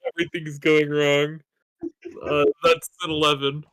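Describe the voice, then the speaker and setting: A man with a fairly high, bright and forceful voice, playing a tabletop game. He talks slowly and keeps breaking into giggles as he describes his character's moves. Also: level tone, no echo. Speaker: player. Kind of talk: casual tabletop game play.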